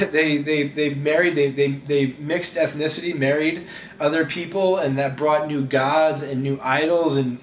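A man putting on high, whiny grumbling disciples. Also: reverberant, a little hiss or hum, natural voice. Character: eager then grumbling male followers of Jesus.

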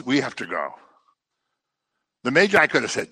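A man's voice: medium pitch, wildly swooping pitch, normal speed, long pauses, sharp tone, breathy edge, no room sound, low-quality recording. A man preaching a conversational sermon, full of joking asides and everyday stories.

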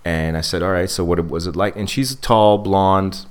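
A man hosting a podcast, telling a story in casual chat, halting with fillers and then acting out the people in it. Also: low-pitched, clear, resonant tone. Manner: animated storyteller, acts out quoted people; halting, many fillers and restarts. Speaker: podcast host.

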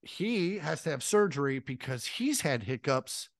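A fairly high-voiced man co-hosting a podcast in a rambling, profane, casual way. He jumps into animated impressions now and then. The sound is dry and close. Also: a little slow, no room sound. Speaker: podcast co-host.

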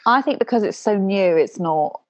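A woman speaking as a podcast guest in a casual panel discussion, chatty and quick to laugh. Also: mid-range voice, animated, dry recording, dull audio. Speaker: podcast guest, internal communications professional.

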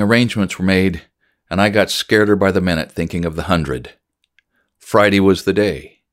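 A man reading a story aloud in a measured, storytelling voice. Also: fairly low pitch. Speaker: narrator. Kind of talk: audiobook narration of a memoir-style story.

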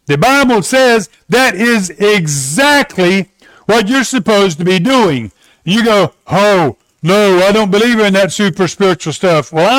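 Earnest high-voiced male preacher. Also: a bit bright, clear, resonant tone, no echo, low-quality recording. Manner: earnest, slows down to stress scripture. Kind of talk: sermon.

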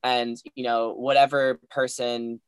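A man's voice: mid-range voice, flat delivery, a little slow, smooth, no room sound, clean studio sound. A man co-hosting a podcast in casual chat, hesitant and rambling, full of hedges. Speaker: podcast co-host.

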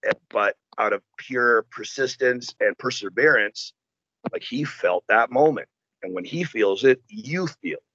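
A man talks in a casual chat, animated and profane as he tells his stories. His voice is bright and forceful. The recording sounds dull and lo-fi. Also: lowish voice, no room sound.

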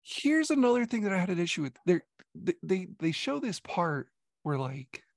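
A man in casual podcast chat, telling a story in an animated, rambling way. His voice sits a little high and has a gravelly fry to it. The sound is dry and close, with no room around it. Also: normal speed, no echo. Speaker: podcast co-host reviewing a movie.

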